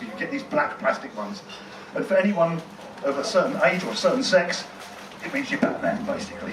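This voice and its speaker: A man doing a rambling, conversational stand-up set, with a lot of swearing, in a tent in a car park. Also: high-pitched. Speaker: stand-up comedian. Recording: echoey tent, distant mic, noisy.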